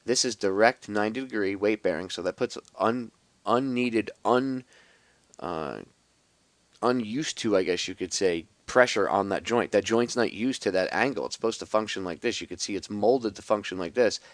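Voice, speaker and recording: A man with a deep, low voice delivers a casual, rambling monologue to his viewers, often restarting his sentences and slipping into sarcasm. The sound is close and dry, with no room around it. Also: normal speed, no room sound. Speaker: video blogger.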